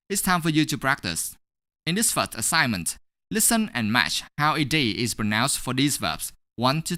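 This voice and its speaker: A man narrates a scripted English pronunciation lesson, walking through each point clearly and step by step. His voice is bright and forceful, with a lively, moving pitch. It is recorded close and dry, with no room sound. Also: no room sound. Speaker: English teacher.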